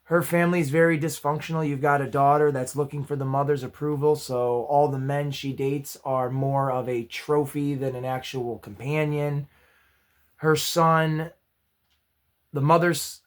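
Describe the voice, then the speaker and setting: A man hosting his own movie review channel, chatty and upbeat with self-deprecating asides, his voice going hoarse. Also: a little high, fairly bright tone. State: losing his voice. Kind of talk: casual spoken movie review.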